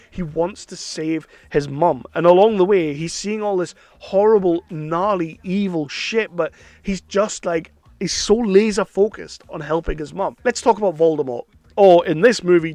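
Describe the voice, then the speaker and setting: A man's voice: high-pitched, no room sound. A man giving an enthusiastic, chatty film review, sometimes slipping into playful impressions. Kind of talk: casual film review monologue.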